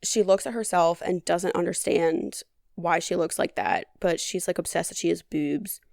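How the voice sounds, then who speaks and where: A woman's voice: on the low side, normal speed, vocal fry, a little mellow, no room sound. A woman hosting a podcast, recapping a movie in a chatty, casual way with dry, sarcastic humor and a lot of "like". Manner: chatty, heavy on "like". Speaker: podcast host.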